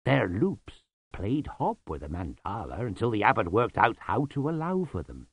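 A man's voice: lowish voice, big pitch swings, moderate pace, breathy edge, no room sound, full character voice. A man voicing a proud, matter-of-fact older male monk in a storybook reading, with a knowing, level manner.

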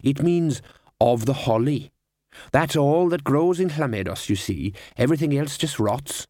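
A man's voice: medium pitch, expressive, measured pace, a little mellow, no echo, studio quality, voice pushed up. A man voicing a restless young male harpist from the valleys, eager and fidgety, in an audiobook.

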